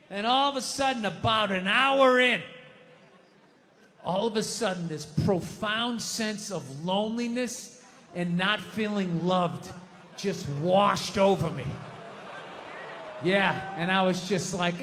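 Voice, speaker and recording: Stand-up comic in his fifties, high bright voice, loud and animated, big hall echo, faint hiss. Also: unhurried. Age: 50s. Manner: loud, animated, shouting bursts. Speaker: stand-up comedian. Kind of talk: stand-up storytelling. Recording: reverberant hall with faint noise.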